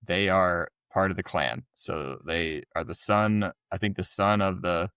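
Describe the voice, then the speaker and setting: A man's voice: sits low, unhurried, clear, resonant tone, no echo, clean studio sound. A man co-hosting a podcast, chatting casually about a film and swearing freely. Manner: relaxed, swears freely, laughs often. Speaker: podcast co-host. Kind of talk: casual movie review chat.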